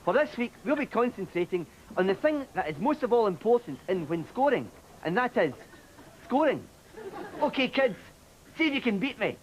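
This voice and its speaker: A man's voice: high voice, sing-song, moderate pace, dull audio. A man with a Scottish accent playing a muddled, flustered football show presenter in a TV comedy sketch. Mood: bumbling. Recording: old TV recording with studio audience noise.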